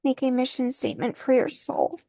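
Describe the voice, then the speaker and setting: A woman giving an intuitive tarot reading, soft-spoken and emotional, thinking aloud as she turns the cards. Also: high-pitched, big pitch swings, a little fast, creaky, no echo. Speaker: tarot reader.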